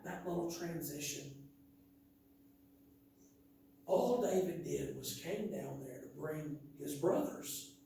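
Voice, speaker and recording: A man's voice: a little high, gravelly, mellow, a little hiss or hum. A man preaching a sermon in a church, reading scripture emphatically with chatty asides. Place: church sanctuary. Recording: echoey hall from a distance.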